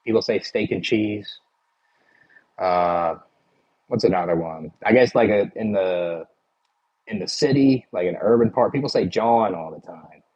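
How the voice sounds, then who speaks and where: A man's voice: fairly low pitch, measured pace, long pauses, slightly rough, muffled recording. A man with a Philadelphia accent chatting casually with his livestream viewers, rambling and full of "like" and "you know".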